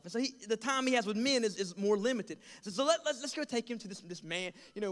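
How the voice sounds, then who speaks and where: A young man preaching as a pastor, telling a funny story and acting out voices with lively, self-deprecating energy. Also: high-pitched, long reverb tail. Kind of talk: storytelling sermon. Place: large church hall.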